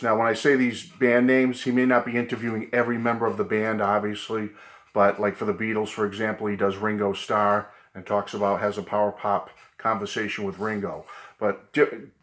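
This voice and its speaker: Man, Boston accent, lowish voice, casual video lesson, chatty. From New England. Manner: chatty, repeats "okay" and "great book". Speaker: video host.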